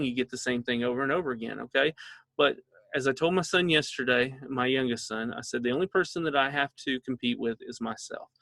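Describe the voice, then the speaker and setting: A man's voice: mid-range voice, fairly bright tone, no echo. A middle-aged man, a father, leading a casual training session for parents and often checking in with his listeners.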